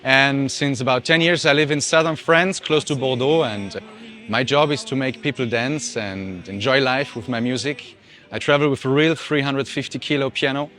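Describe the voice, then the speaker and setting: A man's voice: medium pitch, normal speed, a bit bright. Austrian-accented man, enthusiastic. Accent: Austrian German. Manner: enthusiastic, touched. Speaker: traveling pianist.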